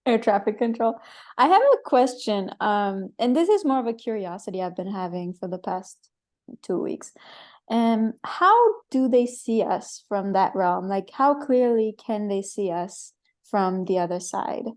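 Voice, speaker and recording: A woman's voice: medium pitch, expressive, measured pace, a little mellow. A woman hosting a casual chat, asking curious, playful questions. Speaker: host.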